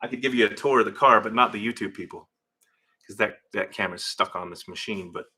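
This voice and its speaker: Middle-aged male livestream host, rambling and chatty, reads comments as he goes; low-set voice, bright and tense edge. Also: fast talker, husky. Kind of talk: casual livestream chat. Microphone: phone camera.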